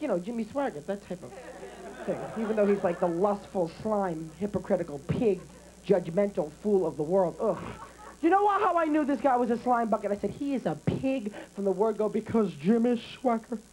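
A man doing stand-up comedy on stage, rapid, flamboyant and animated. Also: high-pitched, poor audio.

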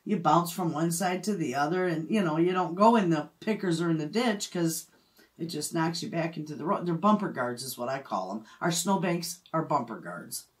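A woman's voice: low-pitched, lively intonation, normal speed. A middle-aged woman, chatting casually as a homestead vlogger and telling a story with frequent laughs. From Michigan, USA. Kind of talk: casual chat.

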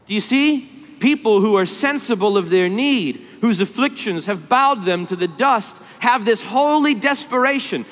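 Male conference preacher, high-pitched and impassioned, hall reverb. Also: normal speed. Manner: impassioned, swings from hushed to pleading. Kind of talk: sermon.

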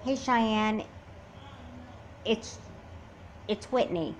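A woman's voice: mid-range voice, very slow, slight background noise, rough recording. A woman voicing a confident, self-assured teenage twin sister who takes charge in an amateur doll movie. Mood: persuasive. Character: confident, bossy teen twin sister with a plan.

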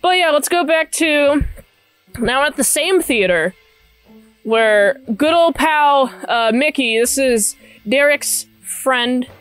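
A woman's voice: sits high, lively intonation, takes it slowly, soft background music. A woman reviewing a movie in a casual, rambling way, with sarcastic asides and mocking quotes. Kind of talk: casual spoken movie recap.

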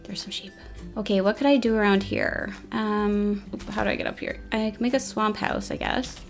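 Young female gaming YouTuber, casual commentary, mid-pitched, self-deprecating, stressed by the timer; light music in the background. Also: fairly even intonation, normal speed. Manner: chatty, self-mocking, flustered under time pressure.

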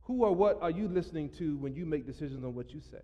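A man's voice: on the high side, animated, fast, big-room sound, highs cut off. A man preaching a sermon as pastor, joking with the congregation and breaking into laughing asides. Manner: playful, jokey preaching with bursts of loud laughing asides. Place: church sanctuary.

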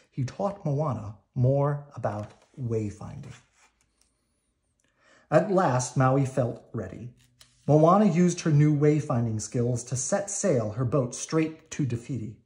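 A man reading a children's storybook aloud at bedtime in a calm, measured way. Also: mid-range voice. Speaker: storybook reader.

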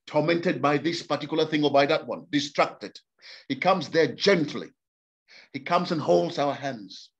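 A man preaching a sermon to a congregation, impassioned and repeating words for emphasis. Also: fairly high pitch. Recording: slightly dull lo-fi sound.

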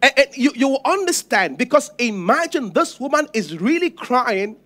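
High-voiced male pastor preaching. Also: very animated, normal speed. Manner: emphatic and repetitive, swinging from hushed to loud. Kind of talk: sermon.

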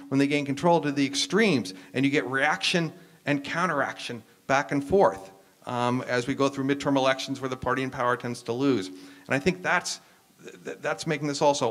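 A man's voice: mid-range voice, a little fast, a bit bright. American man lecturing with "um"s. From United States. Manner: explanatory, frequent "um" and restarts. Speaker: university professor, panelist. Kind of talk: lecture-style discussion.

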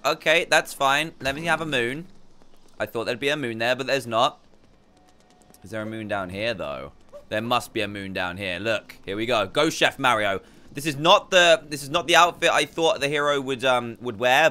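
A man giving casual let's play commentary as a gaming YouTuber, excitable, often bursting into high laughs and talking to his viewers. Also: slight background noise.

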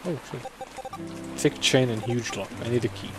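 A man's voice: mid-range voice, normal speed. A man giving wry let's-play commentary, muttering and swearing casually. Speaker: game commentator. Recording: faint game music behind.

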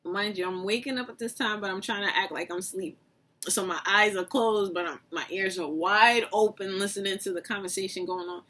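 A young woman vlogger telling a casual storytime, animated and often breaking into laughter. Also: medium pitch, fairly quick.

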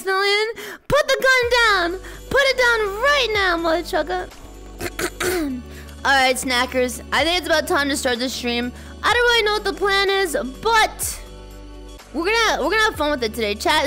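A woman's voice: sits high, big pitch swings, normal speed, sharp tone, soft background music. A woman hosting a live stream in casual chat, playful and bubbly, greeting her viewers with a slightly sore voice.

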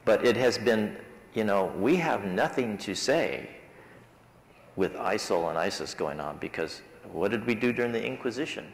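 Leading a Sabbath School Bible class in a church classroom, a man with a lowish voice and lively intonation talks things through with his group. He speaks at a moderate pace in casual conversation, and the sound reverberates like a church hall.

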